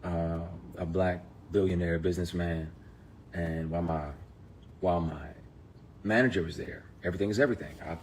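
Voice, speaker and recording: Man, very low voice, intense straight-to-camera rant, salty and emphatic. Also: steady tone, normal speed, darkish tone, a little hiss or hum. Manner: emphatic, profane, heated storytelling. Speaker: actor. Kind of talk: impassioned direct-to-camera rant.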